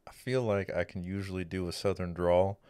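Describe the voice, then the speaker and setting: A man's voice: low-pitched, fairly even intonation, brisk, very noisy. A man co-hosting a casual podcast, laughing and self-deprecating. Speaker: podcast co-host.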